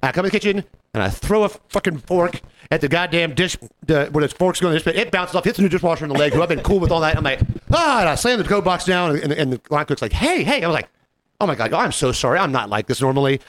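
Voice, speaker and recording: Chatting casually on his podcast, this co-host recounts something from work, imitating the people in the story and cursing liberally. His voice runs on the high side and he talks fast, with an animated manner.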